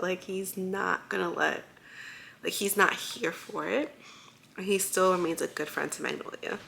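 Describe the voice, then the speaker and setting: Young woman gushing about a book series, bright voice, lots of fry, keeps laughing. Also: mid-range voice. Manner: chatty, giggly, excited retelling with many "like"s. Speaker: book vlogger. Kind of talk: casual book recap vlog.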